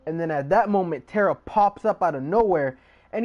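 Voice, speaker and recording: A man's voice: high-pitched, animated, brisk, a little mellow. A man streaming live, recapping a story casually in slangy, profane, rambling talk. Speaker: livestreamer.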